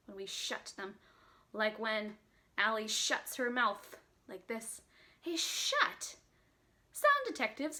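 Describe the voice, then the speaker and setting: Bright high-voiced teacher singing for children. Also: female voice. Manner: playful, sings and raps, sounds out words slowly. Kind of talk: children's phonics lesson with songs.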